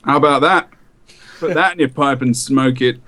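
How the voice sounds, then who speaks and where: A man's voice: medium pitch, moderate pace, bright, forceful tone. A man guesting on a casual gaming stream, laid-back and teasing. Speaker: guest co-host.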